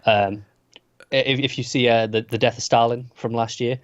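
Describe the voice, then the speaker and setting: A man co-hosting a casual TV review podcast, chatting in a relaxed way with wry asides. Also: medium pitch, normal speed, dry recording. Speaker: podcast co-host. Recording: slightly dull, dry mic.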